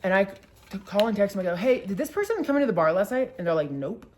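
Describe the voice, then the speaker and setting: A young woman in her twenties telling a story to her camera at home, animated and cursing, with many "like"s. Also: mid-range voice, fast talker, slight background noise. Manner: animated, swearing, heavy use of "like". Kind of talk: casual storytime vlog.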